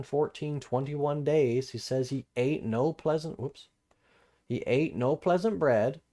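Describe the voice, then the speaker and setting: A man's voice: mid-range voice, mellow. Man reading and musing over scripture. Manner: thinks aloud, rereads verses and repeats phrases while puzzling over them; casual, plain-spoken asides between formal scripture reading. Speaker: Bible study streamer. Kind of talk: live-streamed Bible study, reading aloud and commenting.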